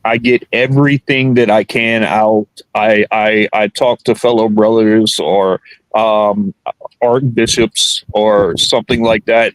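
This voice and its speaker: A man's voice: lowish voice, dry recording, rough recording. A man speaking as a guest in a casual interview, earnest and repeating words as he searches for them.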